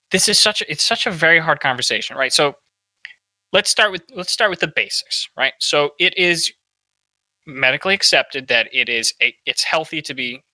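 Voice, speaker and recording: A man's voice: mid-range voice, bright, forceful tone, no echo, rough recording. A man hosting a podcast, giving opinionated political commentary and asking "right?" often. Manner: opinionated, peppers talk with "right?". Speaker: podcast host.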